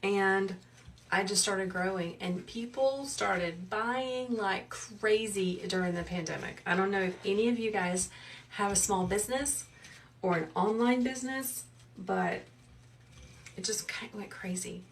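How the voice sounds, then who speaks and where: A woman, hosting a live wreath-making tutorial in a soft, soothing, chatty way while she reads out viewers' comments. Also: medium pitch, measured pace, recorded from a distance, a little hiss or hum. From South Carolina. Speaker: wreath maker and livestream host. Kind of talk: live craft tutorial chat.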